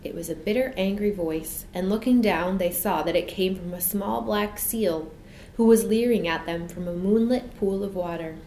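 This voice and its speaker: A woman narrating a children's storybook in a gentle, measured way. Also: mid-range voice. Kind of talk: storybook reading. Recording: echoey room, faint noise.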